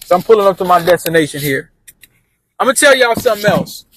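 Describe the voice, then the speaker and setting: A man's voice: sits high, animated, quick pace, a bit bright, slight background noise. A man vlogging from his car, giving job-interview tips in loose, repetitive slang and talking to his viewers as y'all. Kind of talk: casual talk while driving.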